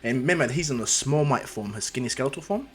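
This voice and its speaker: A man's voice: medium pitch, expressive, fast talker, faint music behind. A man casually narrating a fan-made superhero story, rambling with fillers and restarts.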